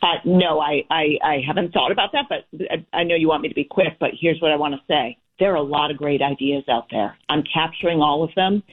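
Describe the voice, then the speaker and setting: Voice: mid-range voice, a little fast, few pauses. A political candidate answering interview questions hesitantly and evasively. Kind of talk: phone-in interview. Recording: tinny phone line.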